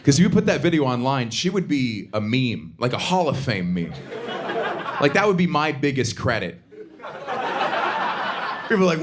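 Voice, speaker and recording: A man's voice: big pitch swings, normal speed, pauses often. Sardonic man doing stand-up. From Southern US. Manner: sardonic, punchy delivery with sudden high-pitched outbursts. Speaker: stand-up comedian. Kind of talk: stand-up comedy set. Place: theater stage before a live audience. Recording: live stage recording with audience noise.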